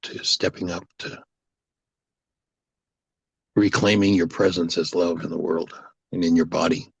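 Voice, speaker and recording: A man hosting a coaching conversation on a video call, offering gentle, measured suggestions. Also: low voice, little pitch movement, vocal fry, breathy edge, no room sound, lo-fi sound. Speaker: host and teacher.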